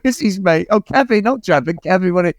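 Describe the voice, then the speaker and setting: Man, swears a lot, rambling film chat, fairly high voice, dry recording. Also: animated, fast talker, no room sound. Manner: sweary, rambling, laughs often. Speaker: podcast co-host. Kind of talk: casual film review chat.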